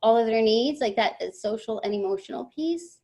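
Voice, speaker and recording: A woman's voice: fairly high pitch, expressive, moderate pace, darkish tone. A mother of teenagers speaking thoughtfully on a video call, with light laughs. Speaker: parent of teenagers. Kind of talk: casual chat on a video call.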